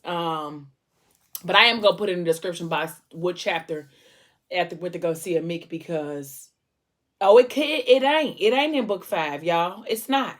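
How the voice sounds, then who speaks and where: A woman's voice: lowish voice, a bit bright. A young woman chatting at home about a book series she loves, loose and slangy, full of fillers. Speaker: book vlogger. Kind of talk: casual book discussion.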